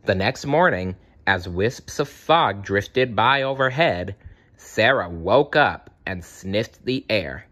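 Male storybook narrator, unhurried, dramatic and lively reading. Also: fairly low pitch. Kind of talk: storybook read-aloud.

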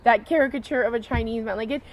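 Laughing woman, bright higher voice. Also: fast. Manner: laughs often, trailing off, animated quotes. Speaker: podcast co-host. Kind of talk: casual comedic chat.

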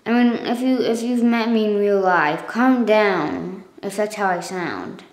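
A woman's voice: medium pitch, measured pace, echoey room. A woman vlogging casually to her viewers, rambling and correcting herself as she goes, recorded on a phone. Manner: rambling, self-correcting, coughs and clears throat. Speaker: channel owner. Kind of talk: casual thank-you vlog.

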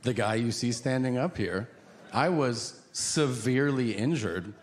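Male stand-up comedian, storytelling, lively pitch, noisy live stage sound. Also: measured pace. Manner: animated storytelling with voiced characters. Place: live comedy venue with audience.

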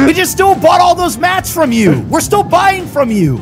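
A man with a high voice that swings widely up and down, ranting in character during a crime-city roleplay. He is exasperated and swears constantly, and music plays behind him. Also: very animated, moderate pace. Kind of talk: heated in-character rant.

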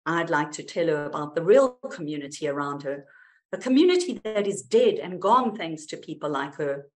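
Woman putting on a snobbish old village lady, prim, haughty, indignant, lively swooping pitch. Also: normal speed. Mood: bitter. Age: older.

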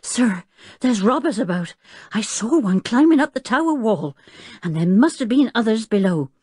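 Woman doing a breathless, jittery plump housekeeper, wide-ranging husky voice. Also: mid-range voice, expressive, unhurried, darkish tone, no echo, clean studio sound. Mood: breathless pleading. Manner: panicky, breathless, chattering. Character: frightened plump female housekeeper. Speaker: servant of the professor.

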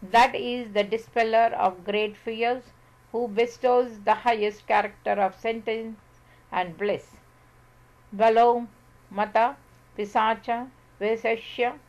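A woman reading scripture aloud, measured and deliberate, pausing over long lists of sacred syllables. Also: fairly high pitch, steady tone, dull audio. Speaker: scripture reader. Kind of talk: slow scripted recitation of scripture.

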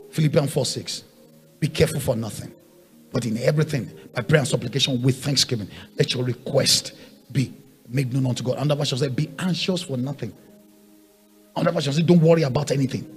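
A man preaching a sermon, swinging from quiet asides to loud shouted points and hammering on repeated rhetorical questions. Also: medium pitch, quick pace, husky, faint music behind. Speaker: pastor.

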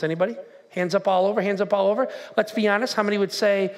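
A man preaching a sermon to his church, animated and calling out questions to the congregation. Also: high-pitched, fast. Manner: animated, talks to the crowd with questions. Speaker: pastor. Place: church auditorium.

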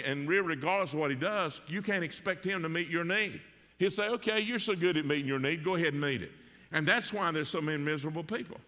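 A man's voice: fairly high pitch, pushed and bright, long reverb tail. A man with a Southern US accent preaching a sermon as pastor, folksy and conversational, with rhetorical questions and jokes. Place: church sanctuary.

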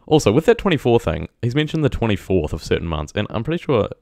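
A man's voice: mid-range voice, very animated, quick pace, darkish tone, dry recording, clean studio sound. A young man with a New Zealand accent, casually reacting to a video, rambling with lots of fillers and laughs. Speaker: YouTube reactor.

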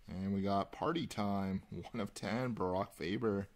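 A man hosting a live card break, calling out pulls and chatting with viewers in a relaxed, rambling way. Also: lowish voice, unhurried. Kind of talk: casual live-stream chat while opening cards.

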